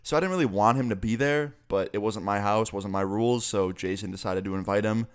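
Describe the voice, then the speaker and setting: Profane, animated young man telling a story. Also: fairly low pitch, brisk, clean tone. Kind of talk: storytime vlog.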